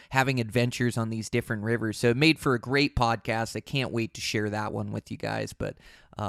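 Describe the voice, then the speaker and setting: A man's voice: medium pitch, creaky, smooth, no echo, studio quality. A man hosting a podcast, talking in an easygoing, rambling way with many fillers and restarts. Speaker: podcast host. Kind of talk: casual podcast intro.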